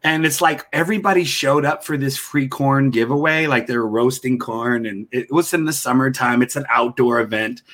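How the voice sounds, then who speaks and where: A man's voice: mid-range voice, normal speed, hardly any pauses. A man, a comedian guest, telling stories from his career with lots of laughing in a podcast interview. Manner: animated, laughing storyteller.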